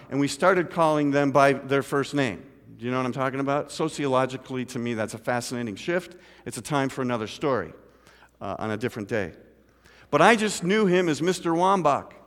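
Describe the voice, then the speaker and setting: A middle-aged man preaching a sermon as pastor, telling a story and asking the congregation questions. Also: on the high side. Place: church sanctuary. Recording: church hall with long reverb.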